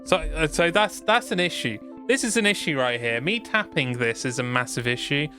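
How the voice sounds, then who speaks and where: A man's voice: on the high side, lively intonation, normal speed, sharp tone. A man chatting loosely as he streams a game, rambling and self-deprecating. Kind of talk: gaming stream commentary. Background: game music.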